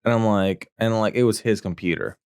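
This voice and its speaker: A man's voice: fairly low pitch, fairly quick, darkish tone, smooth, no room sound, studio quality. Rambling crude male podcast host. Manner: rambling, crude, full of fillers; acts out quotes in raised voice. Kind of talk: casual podcast chat, storytelling.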